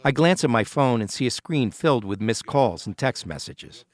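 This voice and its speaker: A man narrating a documentary podcast as host in a measured, scripted storytelling voice. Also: mid-range voice, animated.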